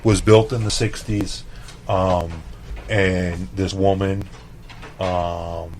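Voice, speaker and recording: A man from El Paso, a chef telling stories in a casual interview, animated and swearing freely, peppering his talk with "like" and "right?". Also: deep voice, extremely slow, slight background noise. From El Paso, Texas. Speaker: chef, podcast guest.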